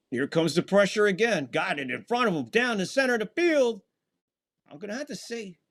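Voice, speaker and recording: A man hosting a live fan stream, calling the plays of a football game and chatting casually with viewers between snaps. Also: on the high side. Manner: casual, chatty, talks to chat between plays, voice jumps up on big plays. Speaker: host and play-by-play caller. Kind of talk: live fan play-by-play commentary.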